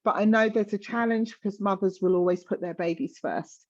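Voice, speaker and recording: A woman's voice: mid-range voice, brisk, dull audio. A woman in her fifties talking candidly in conversation, passionate and emphatic, often repeating words for stress. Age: 50s.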